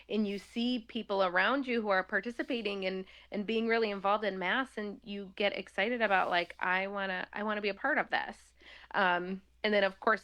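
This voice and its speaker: A woman's voice: mid-range voice, a bit bright. A woman talking casually as an interview guest, chatty and laughing often, with many fillers.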